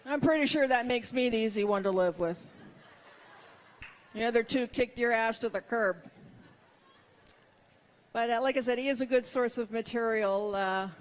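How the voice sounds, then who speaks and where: A woman's voice: a little high, moderate pace, pauses often. A middle-aged woman performing a stand-up comedy set, with wry, self-mocking punchlines.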